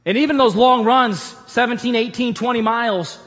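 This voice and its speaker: A man, a pastor, giving a conversational sermon in a church auditorium with animated storytelling and humorous asides. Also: extremely high pitch, normal speed, in a large hall.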